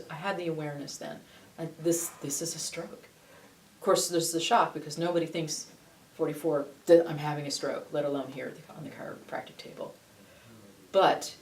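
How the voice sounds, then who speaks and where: A woman in her forties, interviewed for a news story, recounting a personal ordeal in an earnest, halting way with frequent restarts. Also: deep voice. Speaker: interviewee, stroke survivor. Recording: roomy, distant mic with faint noise.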